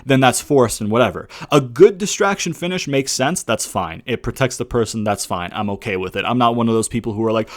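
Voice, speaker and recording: A man's voice: medium pitch, lively intonation, brisk, hardly any pauses. A young man ranting about a show in a casual, heated review, swearing often and throwing in rhetorical questions. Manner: profane, heated ranting with frequent "brother" and "right?". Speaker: wrestling reviewer.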